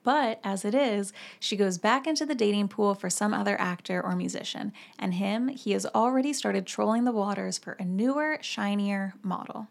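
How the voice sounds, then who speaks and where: A young woman hosts a podcast in a relaxed, chatty way. Her speech is full of casual fillers. Her voice is a bit sore and hoarse. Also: medium pitch, normal speed, few pauses. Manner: chatty, filler-heavy, with many "like"s. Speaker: podcast host. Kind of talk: casual chat.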